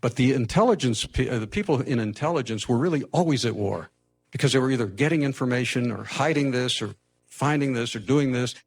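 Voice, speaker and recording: An older man from the United States telling a personal story to a live audience, lively and anecdotal with frequent restarts. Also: mid-range voice. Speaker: speaker telling his life story.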